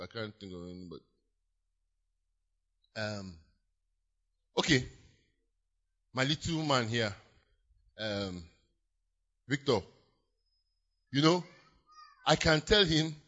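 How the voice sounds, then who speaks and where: A man preaching a sermon in church, acting out little scenes with loud exclamations. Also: medium pitch. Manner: animated, acts out scenes with shouted exclamations. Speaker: pastor. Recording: dull lo-fi church recording.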